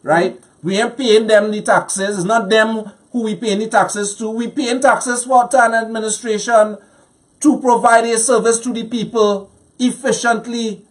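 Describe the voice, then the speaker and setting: A man's voice: high voice, fairly even intonation, a little slow. Man, Trinidadian accent, angry, emphatic, repetitive, political talk show rant.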